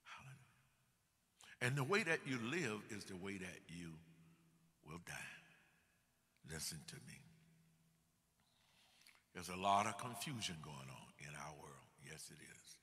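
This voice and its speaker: Male preacher, bright and lively delivery, dramatic sermon, long church echo. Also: deep voice, unhurried, long pauses. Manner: dramatic, swinging between loud and hushed, peppered with hallelujahs.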